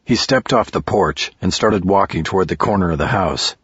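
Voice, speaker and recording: A male audiobook narrator with a deep, husky voice, reading in a steady, measured way. The recording is dry and a little dull. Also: no echo. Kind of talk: scripted narration.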